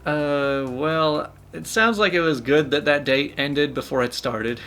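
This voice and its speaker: A man's voice: a little high, measured pace, fairly bright tone. A man narrating internet stories in a casual storytelling style, dropping wry joking asides. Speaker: narrator reading Reddit stories. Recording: faint background music.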